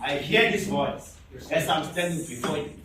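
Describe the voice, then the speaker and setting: A man giving an impassioned speech at a training event. He speaks in an oratorical way, repeating phrases with long dramatic pauses. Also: fairly high pitch, a crowd in the background. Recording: echoey hall from far off.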